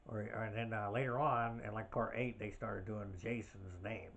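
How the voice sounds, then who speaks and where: A man's voice: fairly low pitch, fairly even intonation, normal speed, gravelly, a bit bright. A man hosting his own podcast in a casual, rambling way, full of fillers and side tangents. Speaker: podcast host. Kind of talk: casual solo podcast chat.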